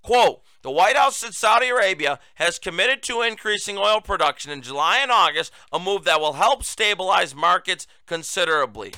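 A man hosting a political commentary show, sarcastic and combative, mocking his targets and pushing his voice up to near-shouting for emphasis. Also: high voice, expressive, normal speed, few pauses, smooth, no room sound. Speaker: host.

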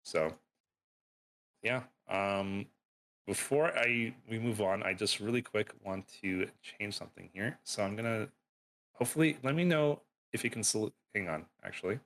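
A man's voice: fairly low pitch, moderate pace, fairly bright tone. A man co-hosting a casual podcast over an online call, rambling loosely and correcting himself as he goes. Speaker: podcast co-host. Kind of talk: casual chat.

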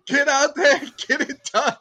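A man's voice: extremely high pitch, takes it slowly, sharp tone, voice pushed up, exaggerated voice. A man voicing a grand, mock-epic battle speech, rousing and drawn out.

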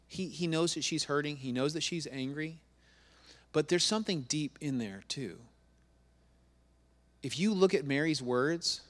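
A man with a slightly high voice delivers a sermon, reading scripture aloud and driving his points home with repetition. His voice rings out with a long reverb tail, as if he is speaking in a church hall. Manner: emphatic, repeats words, reads scripture aloud. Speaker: preacher.

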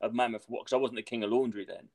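A man's voice: mid-range voice, steady tone, racing, darkish tone. A man hosting a podcast, telling a rambling anecdote in casual chat, swearing freely and using lots of "like". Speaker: podcast host.

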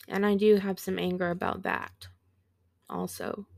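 Slow, creaky-voiced woman telling a sad story. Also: medium pitch, big pitch swings, no echo. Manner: slow, halting and reflective, with pauses and restarts. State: teary. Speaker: podcast host. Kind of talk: personal storytelling.

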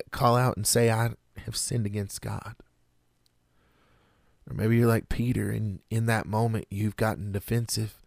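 A man delivers a sermon in an earnest, measured way, leaning on dramatic pauses. His voice sits on the low side. The sound is close and dry, with no room echo. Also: darkish tone. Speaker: preacher.

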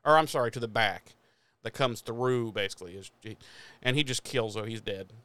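A man's voice: fairly low pitch, moderate pace, bright, forceful tone, clean tone. A man casually recapping a TV episode, rambling, swearing freely and laughing often. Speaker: podcast host recapping episodes. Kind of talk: casual profane recap chat.

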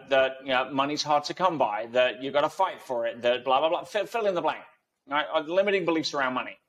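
Man, kinda high voice, talks emphatic, lots of analogies and questions. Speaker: guest speaker. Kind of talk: conversational interview.

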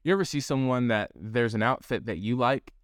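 A man teaching young preachers in a lively, conversational way, pushing his pitch up to stress key points. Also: brisk, no echo, clean studio sound. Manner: energetic, conversational, shifts pitch up for emphasis. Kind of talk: teaching talk to camera.

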